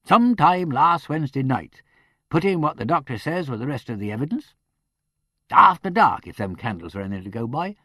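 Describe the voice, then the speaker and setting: A man's voice: on the high side, big pitch swings, fairly quick, bright, forceful tone, dry recording, studio quality, exaggerated voice. A man doing a rustic, ponderous country superintendent. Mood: explaining. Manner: broad rural dialect, ponderous and fond of quotations. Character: pedantic rustic country police superintendent, middle-aged man.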